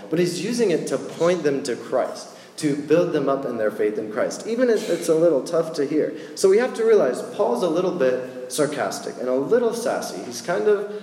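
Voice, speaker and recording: A man's voice: on the high side, darkish tone, a little hiss or hum. A man giving a casual sermon, chatty and joking with slangy asides. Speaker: preacher. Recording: echoey hall with long reverb.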